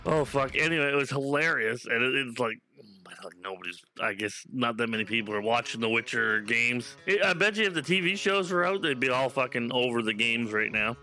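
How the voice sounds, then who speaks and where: A man from Canada streaming games, chatting casually and telling stories in an animated, profane way. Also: mid-range voice, a little fast, faint music behind. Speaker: game streamer. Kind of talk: casual live-stream chat.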